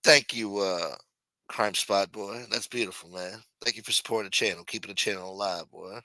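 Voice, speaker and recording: A man's voice: fairly low pitch, steady tone, moderate pace, sharp tone, dry recording, poor audio. A man hosting a casual livestream, brash and profane, thanking chat donors. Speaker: livestream host.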